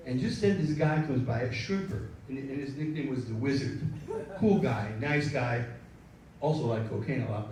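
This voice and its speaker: A man's voice: mid-range voice, moderate pace, a little mellow, a little hiss or hum. A man telling a profane, rambling story on stage, joking with the crowd at a live storytelling event. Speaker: storyteller and show producer. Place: live event room with an audience. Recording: echoey room, mic at a distance.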